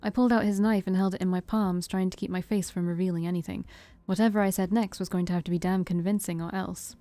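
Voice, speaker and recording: A woman streamer reading a visual novel aloud in steady narration, with small stumbles. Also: on the low side, fast talker, few pauses, faint music behind. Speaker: let's-play streamer.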